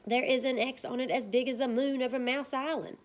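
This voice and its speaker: A woman's voice: sits high, fairly even intonation, brisk, pitched above the performer's own voice, lightly acted. A woman voicing a clever, smug young female mouse from a storybook, speaking in a self-assured, explanatory way. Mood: scolding.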